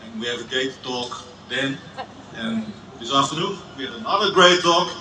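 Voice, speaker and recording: A man's voice: mid-range voice, very animated, moderate pace, roomy sound, background noise. A man, a retired cameraman, says a few plain, modest words on a festival stage. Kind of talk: brief onstage remarks. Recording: distant crowd recording over loud PA. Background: festival crowd.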